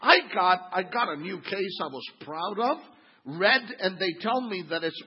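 Pastor, man in his fifties, high lively husky voice, sermon on a dull lo-fi recording. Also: moderate pace. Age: 50s. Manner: animated, swings from quiet asides to loud exclaiming.

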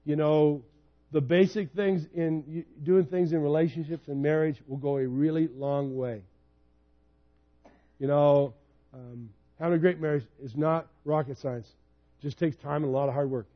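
A man's voice: a little high, normal speed, highs cut off. Conversational pastor, man in his fifties. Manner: conversational, personal storytelling, animated when retelling. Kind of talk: sermon.

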